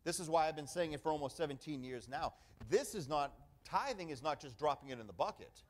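A man's voice: on the high side, animated, fairly quick. A middle-aged man preaching a sermon as pastor, emphatic and conversational, often calling for an "amen" from the congregation.

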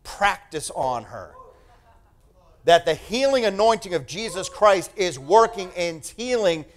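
Animated, high-pitched male preacher. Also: unhurried. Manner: animated, emphatic, repeating phrases. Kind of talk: sermon.

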